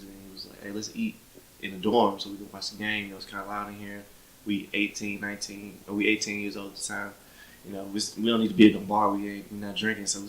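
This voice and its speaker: Man in his 20s, low and flat delivery, conversational storyteller. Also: reverberant, a little hiss or hum, rough recording. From Memphis, Tennessee. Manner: conversational, acts out others' words, frequent "you know". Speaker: interviewee telling his story. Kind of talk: personal storytelling interview.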